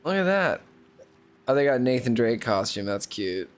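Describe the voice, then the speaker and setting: A man's voice: mid-range voice, very animated, normal speed, soft background music. A man streaming a video game, giving casual, joking commentary and swearing freely. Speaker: gaming streamer.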